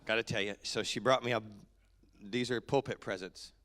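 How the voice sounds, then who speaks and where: A man from Kentucky, a pastor, greeting his congregation in a relaxed, joking, chatty way from the front of a church. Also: fairly low pitch, moderate pace. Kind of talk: casual church service welcome. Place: church sanctuary.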